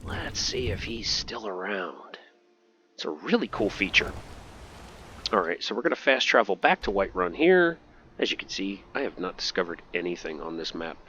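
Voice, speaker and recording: A man's voice: low voice, very animated, a little fast, bright, forceful tone, a little hiss or hum. A man giving casual, playful commentary while playing a video game, chatty and jokey. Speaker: gameplay commentator.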